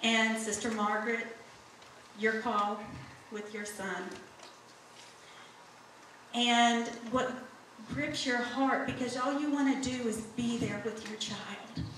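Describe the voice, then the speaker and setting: A woman's voice: on the high side, fairly even intonation, slow, pauses often, a bit bright, a little hiss or hum. A middle-aged woman giving an earnest church testimony, speaking straight to the congregation. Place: church sanctuary. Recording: echoey sanctuary from far off.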